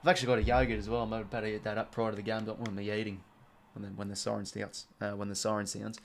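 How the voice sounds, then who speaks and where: A man's voice: lowish voice, little pitch movement, rapid-fire, creaky, a little hiss or hum. A young Australian man hosting a live watch-along stream, chatting casually, full of fillers and greeting viewers from chat.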